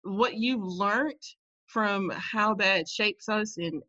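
A woman's voice: mid-range voice, drawn-out words, bright, forceful tone, dry recording. A woman hosting a podcast interview who asks long, rambling, curious questions in a casual way. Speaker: podcast host. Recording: muffled lo-fi sound.

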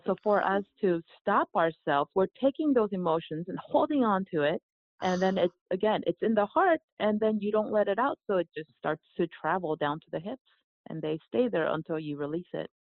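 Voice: mid-range voice, expressive, moderate pace, dry recording. A podcast guest from South Korea and a yoga teacher, telling a personal story in an earnest, reflective way with frequent restarts. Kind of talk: storytelling in conversation. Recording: tinny phone-like line.

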